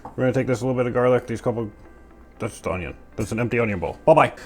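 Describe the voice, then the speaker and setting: Racing along at a medium pitch, a man gives goofy, chatty narration of each step while cooking at home, full of playful sound words. There's a little hiss or hum in the recording, with music clearly under his voice and pans clattering.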